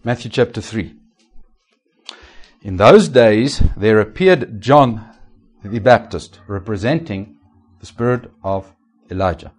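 A man of middle pitch preaches a sermon as pastor. He throws rhetorical questions at his listeners and swings between raised, forceful lines and hushed asides. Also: sing-song, unhurried.

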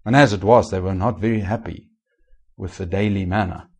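A man preaching a sermon as pastor, asking the congregation rhetorical questions and swinging between raised and hushed delivery. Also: low-pitched, steady tone, brisk, husky.

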